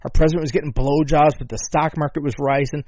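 Man doing a rambling, foul-mouthed comic rant, loud bursts then mutters; dull, dry lo-fi recording. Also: fairly even intonation, fast, no room sound. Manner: rambling, profane, swings between loud outbursts and low mutters. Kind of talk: profane comedic rant. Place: at home with a dog.

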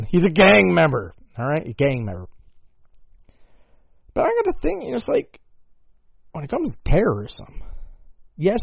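Man doing a rambling, foul-mouthed comic rant, loud bursts then mutters; dull, dry lo-fi recording. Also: gravelly, breathy edge, no room sound. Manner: rambling, profane, swings between loud outbursts and low mutters. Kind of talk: profane comedic rant. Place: at home with a dog.

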